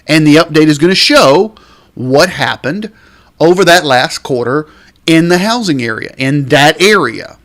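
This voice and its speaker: A man hosting a real estate podcast, ranting in an exasperated, emphatic way and drawing out the words he wants to stress. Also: mid-range voice. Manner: lively, drawn-out stresses on key words. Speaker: realtor and podcast host. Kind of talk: podcast rant.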